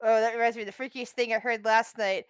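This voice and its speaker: A woman's voice: fairly high pitch, steady tone, quick pace, smooth, no room sound. A woman narrating as game master of a tabletop game, chatty and often searching for words mid-sentence.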